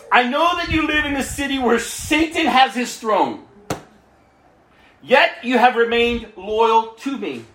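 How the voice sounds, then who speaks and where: A man preaching a sermon, swinging between hushed near-whispers and loud bursts and addressing listeners by name. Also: very high voice, expressive, slow, long pauses, echoey room, slight background noise, poor audio. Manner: talks straight to listeners by name.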